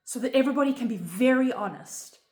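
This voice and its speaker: A spiritual teacher with a fairly high, slightly mellow voice talks fast and animatedly in an echoey room. She explains a home ritual casually and earnestly, often asking "right?", and sounds emotional, close to tears.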